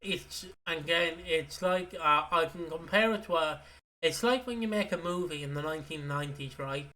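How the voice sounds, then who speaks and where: Sick-voiced man, bright and high. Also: moderate pace. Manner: jokey, rambling, sweary. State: sick, slightly hoarse. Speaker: podcast co-host. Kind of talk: casual podcast chat.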